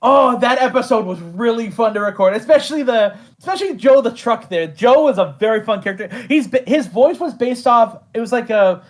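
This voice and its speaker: A man's voice: extremely high pitch, lively intonation, a little fast, few pauses. A man chatting casually in an interview about voicing characters. He rambles with lots of fillers, laughs often and pokes fun at himself. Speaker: creator and voice actor of an animated show.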